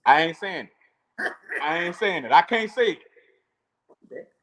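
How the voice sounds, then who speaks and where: A man's voice: on the high side, lively intonation, measured pace, a bit bright, a little hiss or hum, poor audio. A man co-hosting a sports podcast, bantering and repeating his points in playful trash talk. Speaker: podcast co-host.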